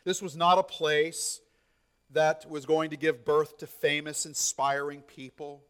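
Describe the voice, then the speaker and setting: A man preaching a sermon in a conversational teaching style, often checking in with "okay?" and acting out quotes with lively excitement. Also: unhurried, smooth. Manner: animated, acts out quotes with rising pitch. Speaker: pastor.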